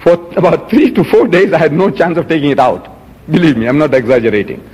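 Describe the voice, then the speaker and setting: A man's voice: on the high side, expressive, quick pace, a little mellow, husky, big-room sound. A man giving a public lecture, indignant and rhetorical, holding up items for the audience. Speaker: Muslim lecturer.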